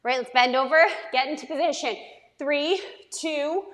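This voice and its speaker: A woman's voice: high voice, moderate pace, fairly bright tone, long reverb tail. A young woman fitness coach leading a workout, upbeat and encouraging as she counts reps aloud. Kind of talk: workout instruction.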